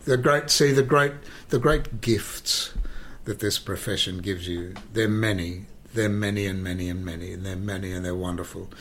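An actor, telling rambling, animated anecdotes in an interview and often repeating himself. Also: male voice, low voice, normal speed, a little hiss or hum. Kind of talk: conversational interview, storytelling.

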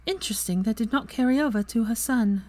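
A woman's voice: quick pace, lightly acted. Woman voicing a fierce young witch. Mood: cold. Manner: raised, forceful, higher than her narration. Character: fierce clever young witch, proud and sharp-tongued.

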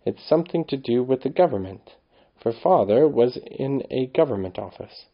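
A man voicing a serious, gentle eldest girl in a storybook reading, speaking softly and earnestly. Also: medium pitch, animated, normal speed, breathy edge, dull audio.

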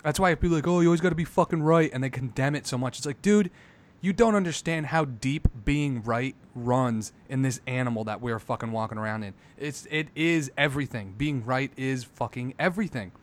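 A man in casual podcast chat, talking emphatically with lots of swearing and getting loud as he makes his points. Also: mid-range voice, brisk. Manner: emphatic, profane, builds into loud rants.

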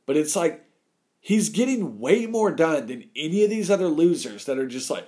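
Brief: man, casual opinion podcast, very animated delivery, wide pitch swings, acts out quotes. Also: moderate pace.

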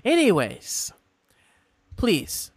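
A man's voice: high voice, huge pitch swings, drawn-out words, breathy edge, no echo, voice pushed up, heavily acted. A man voicing a courteous, secretive male imp from the Nine Hells, who speaks in a formal, lilting manner.

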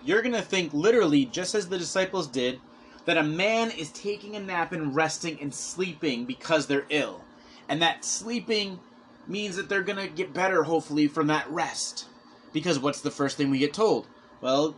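A man's voice: on the high side, normal speed, a little hiss or hum. A man preaching a conversational sermon, earnestly retelling a scripture story with quoted asides.

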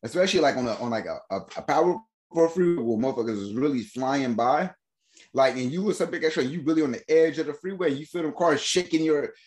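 Animated slangy man telling a story. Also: a little high, quick pace. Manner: animated, slangy, laughs often, acts out quoted voices. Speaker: podcast host. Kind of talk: casual storytelling chat.

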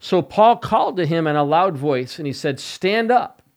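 A man preaching as an evangelist on a podcast, slow and emphatic, stressing key words. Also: on the high side, expressive, a little mellow. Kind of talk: podcast sermon.

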